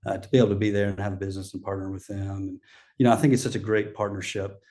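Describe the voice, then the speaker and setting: A man's voice: fairly low pitch, flat delivery, racing, mellow. A middle-aged man, a guest chatting casually in an interview, rambling with many fillers and restarts. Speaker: guest, coffee shop owner.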